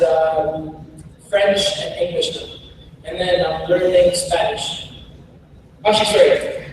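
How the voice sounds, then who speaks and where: Young congolese guy, kiswahili first language, giving a keynote, highish voice, booming echo from far off. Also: slight background noise. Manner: animated and humorous, with frequent laughs. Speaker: keynote speaker. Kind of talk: storytelling keynote talk. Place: large hall. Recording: echoey hall, far from the mic.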